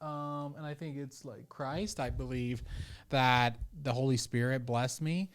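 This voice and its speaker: A man hosting a podcast in a casual conversation, an animated storyteller who talks quickly and laughs often. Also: medium pitch, clear, resonant tone. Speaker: podcast host.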